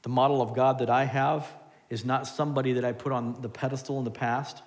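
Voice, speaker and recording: A man preaching a sermon as pastor, animated, swinging between loud and hushed. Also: medium pitch, fairly quick. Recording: long hall reverb.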